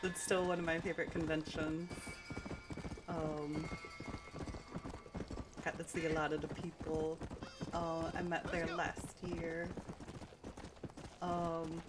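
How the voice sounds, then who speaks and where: A woman streamer talks casually while playing, wandering through anecdotes with plenty of fillers and quick laughs. Her voice sits a little low for a woman. Game sounds and hoofbeats run loudly underneath her. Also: flat delivery, noisy background.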